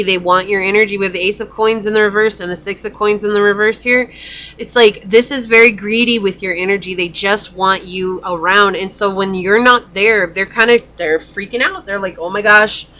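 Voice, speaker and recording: Bright-voiced woman giving a tarot reading. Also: mid-range voice. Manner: rambling, frequent "like" fillers. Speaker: tarot reader. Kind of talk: pick-a-card tarot reading.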